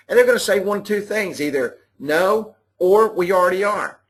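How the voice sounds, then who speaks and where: Guy coaching salespeople on a webinar, kinda high voice, chatty and repeats himself, audio clipping. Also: lively intonation, moderate pace, few pauses. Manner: folksy, repetitive, talks to listeners directly. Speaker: sales trainer for a mobile app business. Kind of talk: live webinar sales training.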